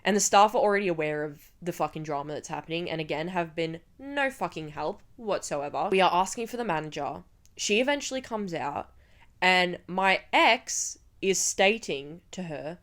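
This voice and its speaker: Young woman vlogger, fairly low voice, ranty and sweary storytelling. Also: normal speed. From Australia. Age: 20s. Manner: ranting, heavy swearing, animated. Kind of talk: storytime vlog.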